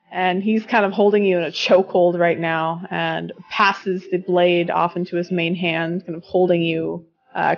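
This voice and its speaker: A woman's voice: fairly low pitch, creaky, highs cut off. A woman running a tabletop game as game master, narrating scenes vividly.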